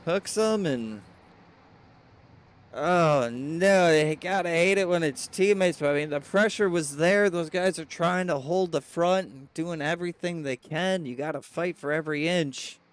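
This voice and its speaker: A man doing excitable play-by-play race commentary with hiccups, reading viewer chat aloud. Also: fairly high pitch, a little slow, clear, resonant tone.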